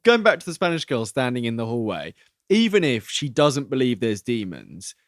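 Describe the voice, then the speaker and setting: A man co-hosting a podcast, casually talking over a film plot with rambling restarts and an animated retelling. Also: medium pitch, moderate pace, no echo, clean studio sound. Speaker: podcast co-host.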